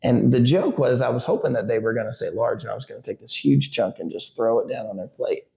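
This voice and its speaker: A man's voice: mid-range voice, lively intonation, fast talker, gravelly, mellow. A middle-aged man, a podcast co-host and father, telling a family story in casual chat, rambling with lots of fillers and restarts. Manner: rambling, full of likes and restarts.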